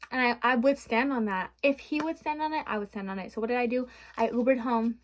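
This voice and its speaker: A woman's voice: a little high, quick pace, hardly any pauses, slight background noise. A young adult woman vlogging from her bedroom, rambling frankly and venting with swearing in a casual chat.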